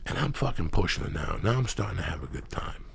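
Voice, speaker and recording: A man hosting a podcast, telling profane comedic stories in rambling anecdotes with loud bursts of emphasis. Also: deep voice, very animated, fast talker, gravelly, husky. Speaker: podcast host.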